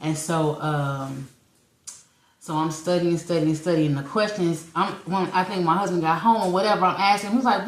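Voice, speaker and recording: A woman's voice: on the low side, moderate pace. A woman in her forties, telling a long personal story on a podcast, acting out what people said and laughing often. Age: 40s. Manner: animated storyteller, acts out quotes, laughs often. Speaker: podcast co-host. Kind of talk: casual storytelling chat. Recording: echoey room.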